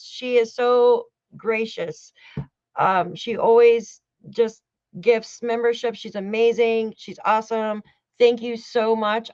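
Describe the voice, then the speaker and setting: Cheerful higher-voiced woman livestream host. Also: smooth, no echo, dull audio. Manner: cheerful, warmly greets and thanks viewers by name. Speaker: true-crime livestream host. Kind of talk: casual livestream chat.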